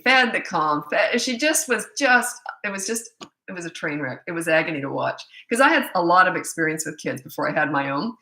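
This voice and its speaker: A middle-aged woman gives parenting advice in a blunt, animated way, acting out the people in her stories. Her voice is bright and forceful. The echo of a roomy space hangs around it. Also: mid-range voice. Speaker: parenting coach. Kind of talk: casual storytelling advice talk.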